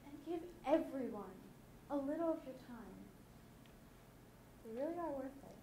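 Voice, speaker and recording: High-voiced teen girl giving a talk. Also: moderate pace, slight background noise. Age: late teens. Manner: lively, chatty and laughing. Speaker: student speaker. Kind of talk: youth conference talk. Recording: echoey hall.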